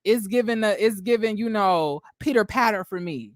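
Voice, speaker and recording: A man hosting a gossip commentary channel, talking in a brash, profane, theatrical way with drawn-out exclamations. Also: high-pitched, no room sound, clean studio sound.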